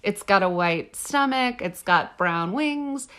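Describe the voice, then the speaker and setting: A woman co-hosting a casual podcast, reacting in an excitable, gushing way as she describes what she sees. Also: medium pitch, takes it slowly. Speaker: podcast co-host.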